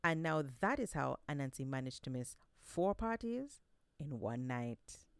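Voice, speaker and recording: A woman telling folk tales aloud with an expressive, read-aloud delivery. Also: deep voice, a little slow, clear, resonant tone, no echo. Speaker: storyteller. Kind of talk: storytelling narration.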